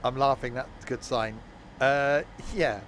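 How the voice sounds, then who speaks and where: A man's voice: mid-range voice, fairly even intonation, unhurried, a bit bright, a little hiss or hum. A tired man giving rambling, self-mocking commentary while streaming a train game, chuckling often. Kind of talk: casual live-stream commentary.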